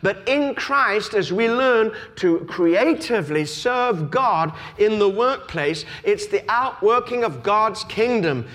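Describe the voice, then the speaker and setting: A man's voice: sits high, lively intonation, slow, few pauses, fairly bright tone. A middle-aged man raised in Australia, preaching a sermon with storytelling that builds to emphatic preaching. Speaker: pastor.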